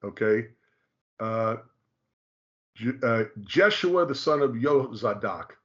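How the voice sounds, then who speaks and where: A man presenting in a casual explanatory discussion, halting and restarting often and drawing out key names slowly. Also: medium pitch, animated, a bit bright, dull audio. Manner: halting, frequent restarts, slow drawn-out stress on names.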